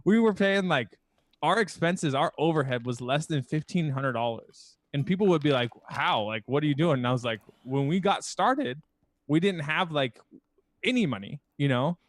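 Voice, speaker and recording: Chill podcast dude telling stories, keeps saying yeah, dry no-echo sound. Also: male voice, a little high, expressive, normal speed. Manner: laid-back, says "yeah" over and over, tells stories with quoted lines. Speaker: podcast co-host. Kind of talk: casual chat.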